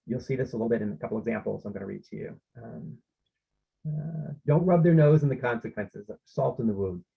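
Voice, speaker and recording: Raspy, animated man presenting a workshop, video call, lo-fi. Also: medium pitch, fairly quick. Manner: conversational, with many fillers and restarts. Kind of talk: informal online workshop talk. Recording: slightly muffled lo-fi audio.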